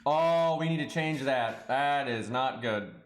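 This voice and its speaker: A man's voice: medium pitch, takes it slowly, roomy sound. A man streaming a game live, thinking aloud in loose casual chat and swearing now and then. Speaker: streamer playing a mobile game. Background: faint game music.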